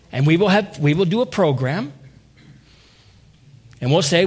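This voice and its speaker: A man's voice: high-pitched, sing-song, unhurried, long pauses, slightly rough. A man preaching a sermon to his congregation, earnest and rising to impassioned appeals, calling on listeners directly. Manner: addresses listeners as saints and by name.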